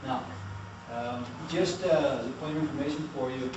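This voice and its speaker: In a lecture room, a man with a mid-range voice teaches a class at normal speed, explaining things patiently and asking students questions. The recording is very echoey, distant and noisy.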